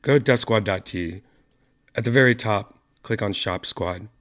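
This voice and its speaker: A man hosting his own online show, hoarse from a lost voice and talking quietly and softly to spare it. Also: fairly low pitch, moderate pace. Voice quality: gravelly. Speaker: podcast host. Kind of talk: casual solo stream chat.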